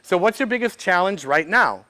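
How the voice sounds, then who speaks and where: Guy with a highish voice doing a workshop talk, acts out little dialogues, quizzes the crowd. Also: normal speed. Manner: lively, quotes made-up dialogue with audience questions. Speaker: speaker at a business event. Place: event room before an audience.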